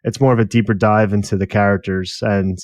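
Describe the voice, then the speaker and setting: A man's voice: on the low side, flat delivery, brisk, no echo, clean studio sound. A man co-hosting a podcast, talking casually in a rambling way with many fillers. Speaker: podcast co-host. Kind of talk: casual review chat.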